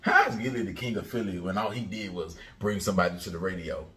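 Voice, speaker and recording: A man hosting a commentary channel, ranting and taunting loudly, often jumping into a high mocking pitch. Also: fast talker, distant mic.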